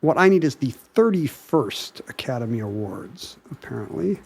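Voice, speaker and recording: A man's voice: mid-range voice, sing-song, moderate pace, creaky, breathy edge. A man co-hosting a podcast, casually explaining facts and looking details up as he talks. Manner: explains facts, looks things up on the spot. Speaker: podcast co-host. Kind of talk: casual chat.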